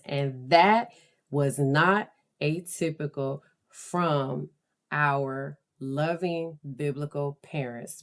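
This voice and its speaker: A woman with a low-pitched voice talks through a casual podcast monologue, drifting from one anecdote to the next. She speaks like a counselor and laughs often. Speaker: counselor and blog host.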